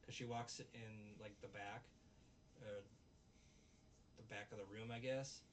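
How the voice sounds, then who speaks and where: Guy recapping an anime ep, pitching his voice up for the characters, sounds a bit far from the mic w faint hiss. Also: steady tone. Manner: retells scenes, putting on quick high voices for each character. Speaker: podcast co-host reviewing an anime. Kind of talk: casual chat. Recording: distant mic with faint background noise.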